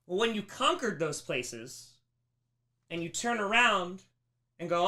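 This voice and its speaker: A young man giving a lively history lesson on a charity livestream, asking rhetorical questions and acting out mock quotes. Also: sits high, slow pace, long pauses. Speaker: streamer teaching history. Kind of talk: energetic classroom lecture. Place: streaming room.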